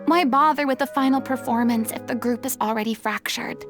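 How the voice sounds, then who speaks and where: A woman playing a stern, high-voiced stage diva. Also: brisk, close to an everyday voice. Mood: earnest. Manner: stern, scolding, lecturing. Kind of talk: game voice acting. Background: game music.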